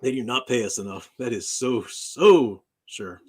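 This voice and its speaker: A male professor hosts a casual livestream chat from his own channel. His talk is animated and emphatic, and he often laughs at his own remarks. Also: mid-range voice, measured pace, breathy edge. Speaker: university professor and channel host.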